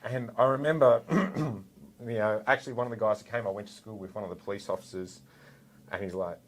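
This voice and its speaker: A man's voice: lowish voice, a little fast, poor audio. Australian man telling a story casually. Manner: animated, acts out quotes. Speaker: podcast co-host, former police officer.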